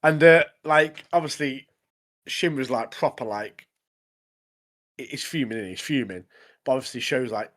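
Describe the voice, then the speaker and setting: A man co-hosting a casual anime podcast, retelling scenes in an animated, chatty way. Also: medium pitch, normal speed, long pauses. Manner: chatty, says "mate" constantly, animated retelling. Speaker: podcast co-host. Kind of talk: casual anime review chat.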